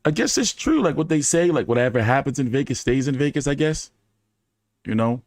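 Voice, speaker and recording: Animated, profane man telling stories. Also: medium pitch, brisk, dry recording, clean studio sound. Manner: animated, profane, many fillers. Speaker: streamer hosting a fan chat. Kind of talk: casual storytelling to a live chat.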